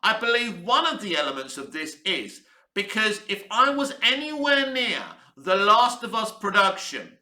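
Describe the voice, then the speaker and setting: A man's voice: high voice, animated, moderate pace, pushed and bright, roomy sound. A man giving a blunt, candid TV review to camera, swearing freely. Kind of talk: casual opinionated review to camera. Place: room where he is based, in Cyprus.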